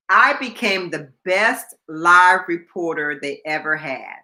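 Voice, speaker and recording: An older woman hosting a casual chat, telling a lively story and acting out the people in it, laughing often. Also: medium pitch. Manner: animated, acts out quoted voices, laughs often. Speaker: host.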